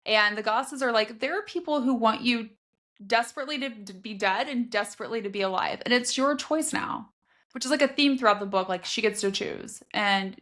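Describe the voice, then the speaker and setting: A woman's voice: mid-range voice, sharp tone. A woman co-hosting a book podcast, chatting casually and acting out quotes with expression. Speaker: podcast co-host.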